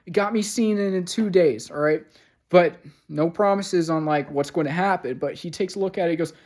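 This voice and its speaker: Speaking directly to the camera from a room in his home, a young vlogger rambles through a long, frustrated story, swearing often and relying on fillers. His fairly high voice moves at a normal speed, occasionally erupting into loud, sarcastic outbursts. The sound comes from the camera's own mic.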